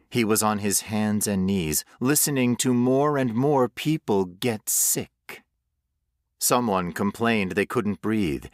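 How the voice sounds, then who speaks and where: A man narrates a horror story at an unhurried, measured pace. His pitch moves expressively through the telling, and the recording is dry and close. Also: no room sound. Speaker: audiobook narrator.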